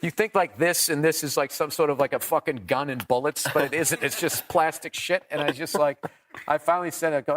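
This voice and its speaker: A middle-aged comedian telling profane, animated stories in a casual podcast chat, often laughing at his own jokes. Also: a little high, fairly quick. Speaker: comedian guest.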